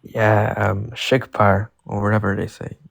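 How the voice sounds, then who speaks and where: Gravelly man from Iran, defensive. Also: medium pitch, brisk, no room sound. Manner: defensive, says bro a lot. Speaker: caller. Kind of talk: casual live-stream chat.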